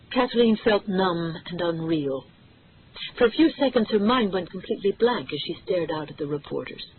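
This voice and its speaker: A narrator reading a thriller audiobook in a steady, dramatic storytelling manner. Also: female voice, on the low side, breathy edge. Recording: tinny phone-like audio.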